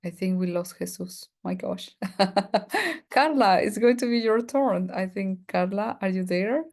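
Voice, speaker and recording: A woman whose first language is Spanish leads an online pronunciation class, stretching words out at a very slow pace. She drills the same word again and again and laughs easily between tries. Her voice sits at an ordinary middle pitch. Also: animated, a little mellow. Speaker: English pronunciation teacher.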